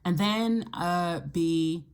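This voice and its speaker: A woman hosting her astrology channel, talking casually to camera and thinking aloud in a reflective way, with the odd soft laugh. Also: fairly low pitch, extremely slow, clear, resonant tone. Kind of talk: casual solo talk to camera.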